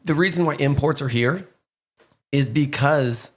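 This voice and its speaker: A man's voice: medium pitch, unhurried. A man hosting a podcast in casual chat, talking loosely with lots of fillers and rhetorical questions. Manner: chatty, many fillers, rhetorical "right?". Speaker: podcast host.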